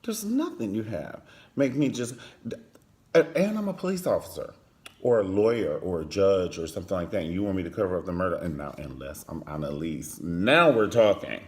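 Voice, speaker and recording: A man giving a flamboyant, sassy comedic recap of a TV drama, often jumping into high voices for the characters. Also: lively intonation, fairly quick. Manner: flamboyant, sassy, campy asides; slips into falsetto impressions of characters. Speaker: TV show reviewer.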